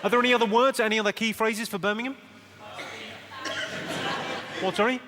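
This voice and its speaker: A male stand-up comedian doing crowd work with brisk deadpan one-liners, teasing the audience at a live comedy venue. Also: high voice. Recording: loud background noise.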